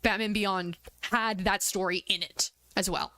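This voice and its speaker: Unhurried and mid-range in pitch, this female streamer chats casually, animatedly retelling scenes with acted-out quotes and plenty of fillers, especially "like." The recording has no echo.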